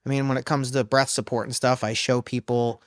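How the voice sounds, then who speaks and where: A man who coaches singers, explaining in a loose, halting way during a casual podcast interview. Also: medium pitch, level tone, no echo, studio quality. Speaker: vocal coach. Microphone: studio microphone.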